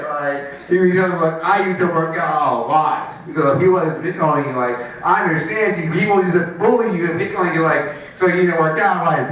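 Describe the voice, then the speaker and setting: A man doing rambling stand-up at an open mic, packing his stories with "like" and squeaky quoted voices. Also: normal speed, fairly bright tone, far from the mic. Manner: rambling, fillers of "like", high mock voices for quoted friends. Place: small open mic venue. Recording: very echoey room, mic from afar.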